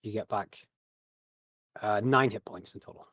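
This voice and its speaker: A man's voice: on the low side, a little slow, a bit bright, dry recording. A man narrating a tabletop game as game master, rambling with many fillers.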